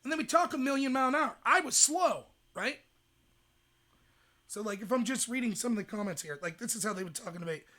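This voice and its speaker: A young adult man hosting a livestream, ranting in rapid, emphatic commentary. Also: extremely high pitch, lively intonation, bright, forceful tone. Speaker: host.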